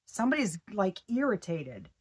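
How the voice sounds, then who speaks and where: A woman giving a casual tarot reading, excitable and slangy, often breaking off mid-sentence to start over. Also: mid-range voice, moderate pace, husky. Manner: slangy and profane. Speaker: tarot reader.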